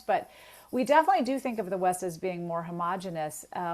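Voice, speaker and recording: A woman guest on a podcast lays out research in a thoughtful, explanatory way. Her pitch sits right in the middle, neither high nor low. She talks like someone used to teaching. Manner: thoughtful, explanatory, occasional light laugh. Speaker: sociolinguist guest. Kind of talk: expert explaining in conversation.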